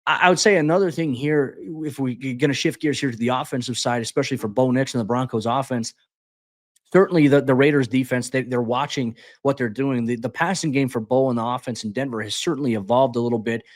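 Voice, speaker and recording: A man on a sports podcast, talking football in a casual, animated way with frequent stammered restarts. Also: medium pitch, fast, dry recording, studio quality. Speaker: guest podcast host. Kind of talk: casual sports analysis chat.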